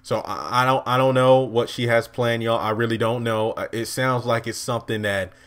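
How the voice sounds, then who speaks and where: A man recapping a TV episode in an excited, rambling, emotional way, addressing his viewers directly. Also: mid-range voice, normal speed. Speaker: TV show recap vlogger.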